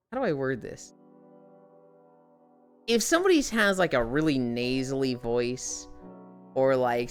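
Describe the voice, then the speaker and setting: Low-voiced nasal woman streamer, sarcastic. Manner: sarcastic and swearing, chatting to viewers. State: sick. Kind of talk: casual live-stream chat.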